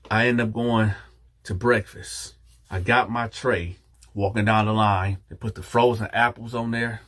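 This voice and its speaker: A man casually telling a personal story to his viewers, acting out the dialogue with lively jumps in his voice. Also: on the low side, measured pace. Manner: animated, acts out quoted dialogue.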